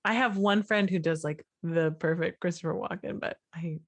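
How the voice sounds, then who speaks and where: A woman's voice: fairly low pitch, moderate pace, no echo. A woman co-hosting a podcast in casual chat, giggly and self-deprecating. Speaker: podcast co-host.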